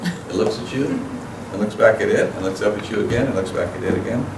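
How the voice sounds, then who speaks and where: A man's voice: fairly low pitch, brisk. A man giving a plain-spoken teaching talk as guest speaker at a parenting seminar, often acting out little dialogues between parent and child. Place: school event room. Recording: echoey room, voice from far off, noisy.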